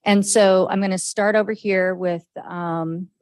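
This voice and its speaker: A woman facilitating a government budget meeting, brisk and encouraging, with frequent okays as she calls on each member. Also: mid-range voice, steady tone, a little mellow, dry recording, poor audio. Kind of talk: leading a group discussion.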